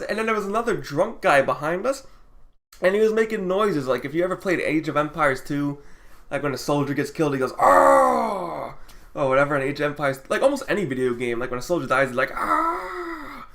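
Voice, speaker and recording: A man's voice: fairly high pitch, fast talker, fairly bright tone. A man telling a story on his vlog in a casual, rambling way, laughing often and swearing freely. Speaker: vlogger.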